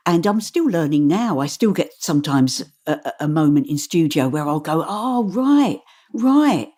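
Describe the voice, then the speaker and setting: Woman narrator, low voice, lively anecdotal delivery, loose interview. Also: moderate pace. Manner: animated, stumbles and restarts while telling stories. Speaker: audiobook narrator. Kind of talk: interview answers.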